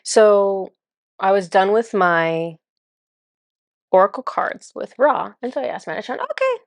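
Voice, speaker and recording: A woman telling a story to camera in a casual, chatty way, laughing often and sometimes dropping to a hushed murmur. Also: mid-range voice, measured pace, dry recording, clean studio sound. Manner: chatty and amused, laughs often while recounting. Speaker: spiritual channeler.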